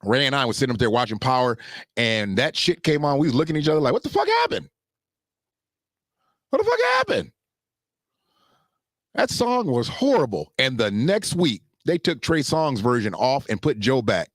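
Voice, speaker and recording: A man hosting a casual solo commentary show, talking loosely and jumping into high mocking voices when he quotes others. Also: lively intonation, a little fast, no echo, clean studio sound.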